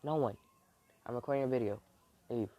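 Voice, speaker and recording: A young man making up a fan story as he goes, rambling and halting, slipping into quick voices for the characters. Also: mid-range voice, lo-fi sound, background noise. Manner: rambling, halting, with many restarts and fillers. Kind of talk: improvised fan-fiction storytelling.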